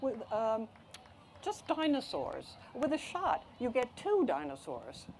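A woman's voice: a little high, wildly swooping pitch, takes it slowly, darkish tone, slight background noise, pitched above the performer's own voice, full character voice. A woman voicing a cheerful, sweet-talking nurse in a storybook read-aloud. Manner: sweet, sing-song. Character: cheerful sing-song nurse.

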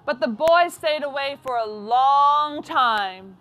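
A woman reading a children's story aloud in a soft, deliberate way. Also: high voice, lively intonation.

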